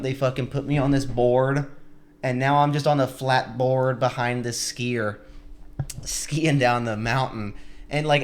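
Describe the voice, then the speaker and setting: A young man co-hosting a podcast, telling a story in a casual, laughing, animated way. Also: medium pitch. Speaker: podcast co-host.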